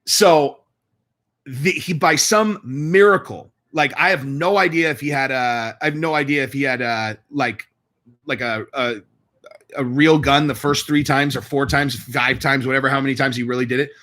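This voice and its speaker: A man's voice: medium pitch, moderate pace, pushed and bright. A man hosting a fight watch-along, telling a long story in a profane, rambling way. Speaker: host.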